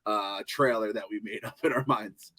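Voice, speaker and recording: A man's voice: lowish voice, normal speed, sharp tone. A man co-hosting a podcast, telling rambling, profane stories in casual chat. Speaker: podcast co-host.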